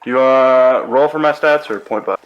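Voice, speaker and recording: A man in a tabletop group chatting casually with quick, offhand asides. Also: mid-range voice, smooth, lo-fi sound. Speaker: player.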